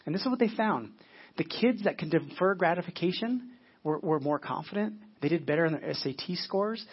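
Male pastor, sermon delivery, breathy tone, earnest and stumbling, muffled church recording. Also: a little high, expressive, brisk. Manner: earnest, repeats words while searching for them.

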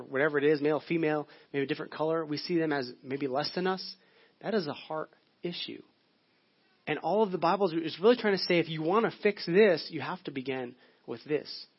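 A man's voice: on the high side, quick pace, slightly rough. A male pastor giving a sermon in a conversational, storytelling way. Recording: dull lo-fi audio.

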